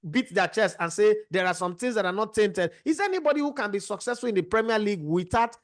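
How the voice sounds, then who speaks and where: A man's voice: high-pitched, expressive, quick pace. A man hosting a heated football discussion, firing rhetorical questions at his guests. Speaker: host. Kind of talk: heated sports debate.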